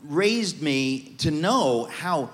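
A man with a slightly high voice tells his story with animated, joking energy. He sounds like a guest author on stage at a live event. Long reverb from a large hall trails behind each phrase. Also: very slow. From United States.

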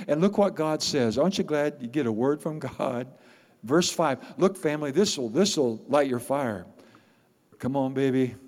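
A man preaching a sermon as pastor, animated and playful, repeating words for emphasis. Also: fairly high pitch, normal speed. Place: church sanctuary. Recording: long reverb of a large hall.

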